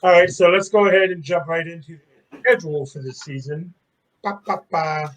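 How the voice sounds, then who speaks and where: A man with a bright, forceful, slightly high voice co-hosts a sports talk show. He runs through trades and the schedule one item at a time. His delivery stays steady and matter-of-fact. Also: fairly quick, rough recording. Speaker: sports podcast co-host.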